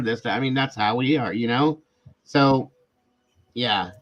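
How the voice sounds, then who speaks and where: A man hosting a live stream talks earnestly and emotionally in a casual chat, telling stories and voicing the people in them. His medium-pitched, slightly bright voice is unhurried, with frequent pauses. The stream audio is dull and lo-fi.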